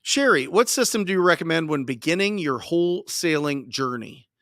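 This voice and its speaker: A man hosting a live Q&A, coaching his listeners in an energetic, emphatic way and repeating his key points. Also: on the high side, moderate pace, no room sound, clean studio sound. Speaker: podcast host and wholesaling coach.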